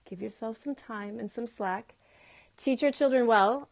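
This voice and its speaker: A woman's voice: fairly high pitch, moderate pace. Earnest woman coaching homeschool parents. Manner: earnest, coaching, acts out little quoted voices. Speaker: homeschooling vlogger. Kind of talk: casual livestream talk. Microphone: phone camera.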